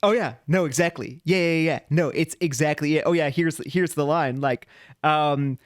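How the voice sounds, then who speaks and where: Animated man with a smooth voice. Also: fairly high pitch, normal speed, no echo, studio quality. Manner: animated, playful when paraphrasing old texts. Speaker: podcast co-host, priest. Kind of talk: casual chat.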